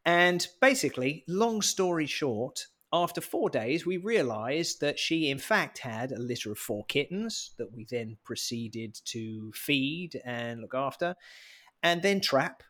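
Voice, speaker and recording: A man's voice: medium pitch, lively intonation, measured pace, fairly bright tone. A man, co-hosting a podcast in casual chat, a chatty, jokey storyteller who mocks himself. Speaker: podcast co-host.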